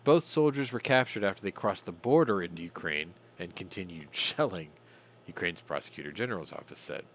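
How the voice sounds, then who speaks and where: A man hosts a casual news rundown in a low voice that swings up and down with plenty of animation. He rants, swears and throws in irreverent asides. A faint hiss of noise sits under the recording. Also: expressive, brisk. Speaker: podcast host.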